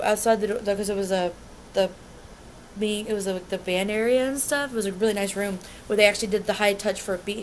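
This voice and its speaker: Gushing young woman, faint hiss behind. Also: mid-range voice. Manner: gushing, rambling, many restarts and 'like'. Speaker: vlogger recounting a fan meet and greet. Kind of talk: excited casual storytelling.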